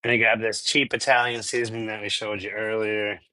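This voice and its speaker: Bright-voiced chatty dad from Minnesota. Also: male voice, lowish voice, flat delivery, brisk, poor audio. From Minnesota, US Midwest. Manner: chatty and rambling, laughs often, answers live chat. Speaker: cooking channel host. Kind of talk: casual live cooking stream. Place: home kitchen.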